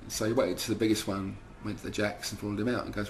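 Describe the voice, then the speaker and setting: A band member from London, second-generation Irish, tells rambling anecdotes full of swearing in a casual interview. His voice is fairly low and steady, he talks fast, and there's slight background noise.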